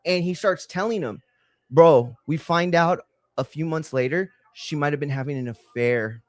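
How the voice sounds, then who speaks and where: A man's voice: on the high side, moderate pace, dry recording. Stream host, male, casual rambler, light voice, dry sound. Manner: rambling storyteller, slangy, says "bro" a lot. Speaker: livestream watch-along host. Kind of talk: casual live-stream chat.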